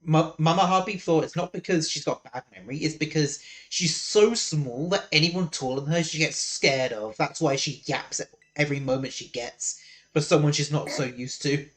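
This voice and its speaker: Male stream host, chatty and opinionated, fairly high voice, close mic. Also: moderate pace. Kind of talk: casual chat while live-streaming a game.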